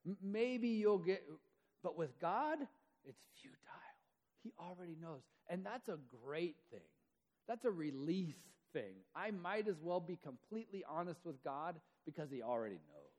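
A man's voice: high-pitched, lively intonation, normal speed, a little mellow. A man preaching a sermon in a conversational way, acting out the quoted voices as he goes. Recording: long hall reverb.

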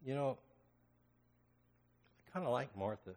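A man preaching a sermon as pastor, swinging between loud impassioned cries and hushed, almost whispered lines. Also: mid-range voice, animated, unhurried. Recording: long hall reverb.

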